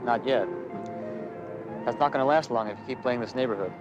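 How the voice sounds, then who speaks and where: A man's voice: mid-range voice, brisk, dull audio, lightly acted. An actor playing a stern police detective who questions and lectures a young woman on a street. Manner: firm, lecturing. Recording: old TV drama with music behind.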